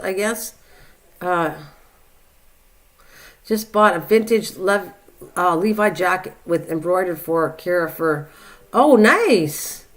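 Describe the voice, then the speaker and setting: An older woman hosting a live stream in a casual, rambling way, reading out viewer comments and chatting back to them. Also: fairly low pitch. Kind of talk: casual chat.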